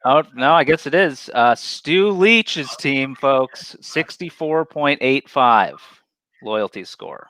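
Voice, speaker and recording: A man's voice: mid-range voice, lively intonation, slow pace, a bit bright, no room sound. Playful man announcing winners. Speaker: awards co-host. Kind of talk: casual virtual award show. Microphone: video call.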